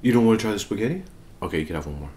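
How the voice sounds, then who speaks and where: Very low-voiced woman chatting while eating. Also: expressive, racing, mellow. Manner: chatty and coaxing, with many eating murmurs. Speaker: mukbang vlogger eating with her child. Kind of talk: casual eating vlog chat.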